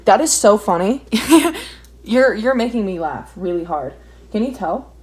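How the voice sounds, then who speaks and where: A woman's voice: medium pitch, expressive, moderate pace, a little mellow, low-quality recording. A young woman telling a story while she draws, ranting and swearing in an exasperated, casual way. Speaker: vlogger.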